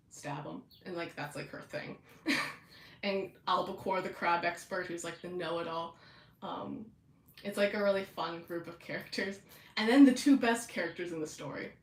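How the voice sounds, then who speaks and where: Giggly young woman chatting, lots of um and like, mid voice, echoey room. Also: medium pitch. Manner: bubbly, giggly, lots of fillers. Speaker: podcast host. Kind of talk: casual chat.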